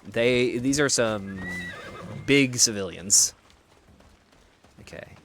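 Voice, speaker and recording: A man's voice: mid-range voice, takes it slowly, fairly bright tone, slight background noise. An American man streaming a video game, thinking aloud and chatting with viewers in a rambling, self-deprecating way with frequent restarts. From United States. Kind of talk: live gameplay commentary, chatting with viewers.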